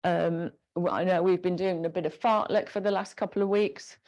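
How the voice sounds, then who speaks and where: A woman instructor leading a gentle guided exercise class, encouraging and giving step-by-step movement cues. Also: fairly low pitch, fairly even intonation, moderate pace, highs cut off.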